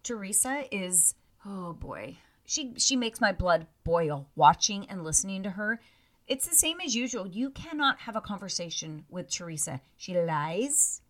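A woman rants in a casual podcast chat, her bright voice swooping up and down as she mocks people in exaggerated voices. She swears freely and talks over a video call. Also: mid-range voice. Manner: animated, profane, mocking mimicry of cast members. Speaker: podcast co-host. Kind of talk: casual chat about reality TV.

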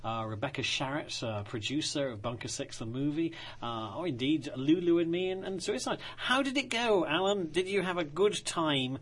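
A man's voice: a little high, expressive, moderate pace, fairly bright tone, husky. A man presenting a community radio show, chatty and jokey with guests and co-host. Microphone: studio microphone.

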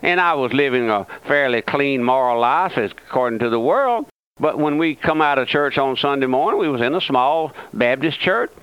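A man's voice: mid-range voice, lively intonation, normal speed, clear, resonant tone. An older man preaching a fervent sermon on the radio, pleading with listeners through rhetorical questions. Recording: dull lo-fi radio broadcast.

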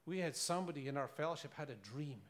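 Scottish male preacher, earnest storyteller, slightly higher voice. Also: animated, fast. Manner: earnest, storytelling, with rhetorical questions and laughs. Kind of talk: sermon.

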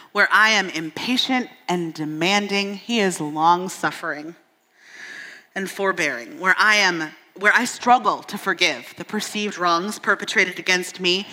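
A woman in her thirties delivers a sermon into a stage microphone, her bright, clear voice carrying a long church-hall reverb. She mixes humor with candid, self-deprecating stories about her children. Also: lowish voice. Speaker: preacher.

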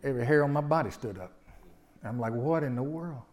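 A pastor in his forties delivers a sermon, shifting from quiet personal stories to loud, impassioned exhortation. His voice sits at a medium pitch and moves briskly.

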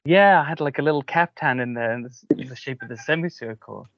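A man's voice: mid-range voice, fast, fairly bright tone, no echo. Host, male, Cardiff Welsh accent, chatty rambling anecdotes, dead-dry muffled recording. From Cardiff, Wales. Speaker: podcast host. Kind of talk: casual interview chat. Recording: dull, lo-fi, dry sound.

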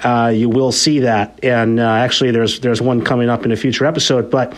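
A man's voice: medium pitch, level tone, a little fast. A man co-hosting a podcast, chatting enthusiastically about films and rambling, often repeating words as he goes. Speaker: podcast co-host. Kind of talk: casual film review chat.

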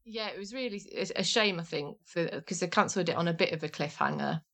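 A woman co-hosts a relaxed podcast in a low voice. She chats agreeably, giving short replies and thoughtful asides. Her tone stays easygoing. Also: fast talker. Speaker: podcast co-host. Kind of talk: casual podcast chat.

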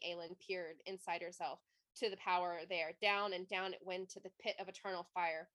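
A woman co-hosting a book podcast, reading passages aloud in a low, even voice and then gushing about the characters in casual chat. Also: normal speed. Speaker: podcast co-host.

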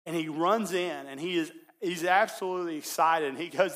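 A man preaching as a pastor, telling a story in his sermon and swinging between loud, excited passages and hushed ones. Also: on the high side, normal speed.

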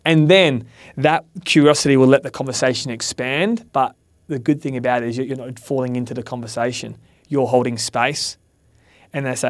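A man's voice: medium pitch, steady tone, a little fast, no echo. Man, earnest advice talk, dry studio sound. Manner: earnest, swearing, acts out quoted lines. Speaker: podcast guest, mentor. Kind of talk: candid advice chat. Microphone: studio mic.

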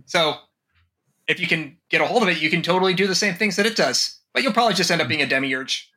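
A podcast host chatting casually about a game, animated and joking. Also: mid-range voice, fast talker. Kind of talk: casual chat.

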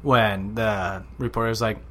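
A man co-hosting a podcast, chatting casually, swearing a lot and acting out quotes in loud shouted voices. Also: fairly low pitch, fairly even intonation, unhurried. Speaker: podcast co-host. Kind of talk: casual chat.

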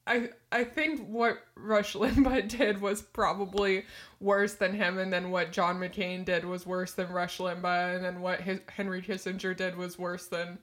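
A young woman co-hosting a podcast in casual chat, animated, swearing and laughing often. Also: fairly low pitch, measured pace. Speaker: podcast co-host.

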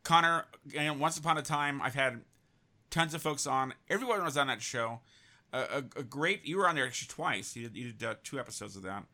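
A man's voice: medium pitch, a little fast, pushed and bright. A man hosting a casual interview, rambling with lots of restarts and fillers. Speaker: host.

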